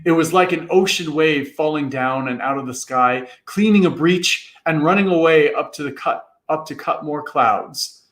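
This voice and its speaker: A man's voice: normal speed, fairly bright tone. A man giving a theatrical reading of a classic story, jumping into character voices as he narrates. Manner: theatrical, voices characters with big pitch jumps. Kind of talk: dramatic reading of a classic novel. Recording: echoey room.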